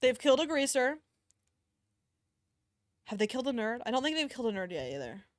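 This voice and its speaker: A young woman streamer reading fanfiction aloud, reacting with animated outbursts, swearing and laughter. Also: fairly high pitch, brisk, dry recording, studio quality.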